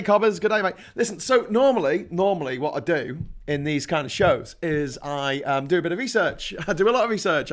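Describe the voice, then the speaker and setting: Scouse guy chatting on a livestream, jokey, goes off on tangents, bit higher pitched. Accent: Liverpool. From Liverpool, England. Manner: rambling and jokey, reads out chat comments. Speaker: livestream host. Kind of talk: casual livestream chat.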